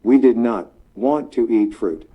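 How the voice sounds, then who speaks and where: A man answering a teacher's questions with flat, repeated example sentences, recorded with dull lo-fi sound. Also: mid-range voice, a little slow, slightly rough. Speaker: dialogue partner answering questions.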